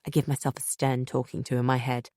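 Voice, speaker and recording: Female audiobook narrator, low register, dry studio sound, tense measured reading. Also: little pitch movement, darkish tone, no room sound. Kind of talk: first-person thriller narration.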